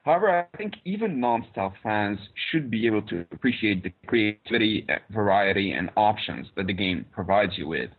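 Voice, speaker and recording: A man's voice: fairly low pitch, big pitch swings, a little fast, hardly any pauses, breathy edge. A man joining a podcast by phone, talking through a game with frequent hesitations. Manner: hesitant, lots of ums and restarts. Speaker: podcast guest. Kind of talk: casual podcast chat. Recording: tinny phone line.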